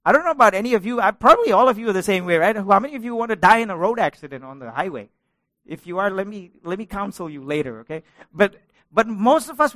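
A man's voice: high voice, big pitch swings, fast talker, sharp tone, no echo. A middle-aged male pastor preaching a sermon, asking his congregation questions and building to passionate peaks.

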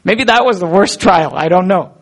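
A man with a high voice preaches a sermon. He talks earnestly and conversationally, and he keeps asking his listeners questions. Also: moderate pace.

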